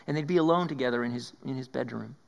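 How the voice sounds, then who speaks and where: A man preaching a sermon, swinging between raised emphasis and hushed whispers and often repeating his words. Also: mid-range voice, fast, gravelly. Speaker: pastor.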